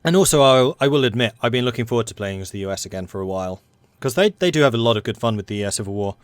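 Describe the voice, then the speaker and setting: An excitable young Englishman rambling through commentary on a strategy game he is playing. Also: medium pitch, racing, no echo. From England. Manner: excitable and rambling, self-described hyper. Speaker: let's play host. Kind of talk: gaming commentary.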